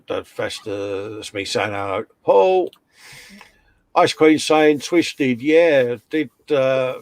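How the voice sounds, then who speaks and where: A man's voice: medium pitch, gravelly, darkish tone, dry recording. A man with a British accent co-hosting a casual live stream, reading out viewer comments and trading slangy jokes from a home workshop. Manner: jokey banter with slang.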